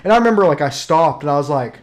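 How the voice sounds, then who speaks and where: Animated young man telling stories. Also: on the high side, very fast. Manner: animated storyteller, acts out quotes loudly. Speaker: podcast co-host. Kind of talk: casual chat.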